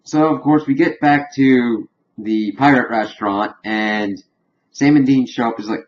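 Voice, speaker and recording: A man's voice: mid-range voice, a little slow, lo-fi sound, slight background noise. A man giving a casual, rambling recap of a TV episode, leaning heavily on fillers as he retells the plot. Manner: rambling, filler-heavy storytelling. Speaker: TV episode reviewer.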